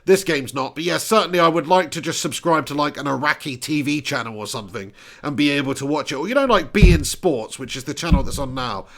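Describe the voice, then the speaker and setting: رجل بلهجة جنوب إنجلترا، صوت عالٍ نسبياً. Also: male voice, on the high side, fast talker, hardly any pauses, a bit bright. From Dorset, England. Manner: casual, chatty, swears freely. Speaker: football watch-along host. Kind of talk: live-stream commentary and chat.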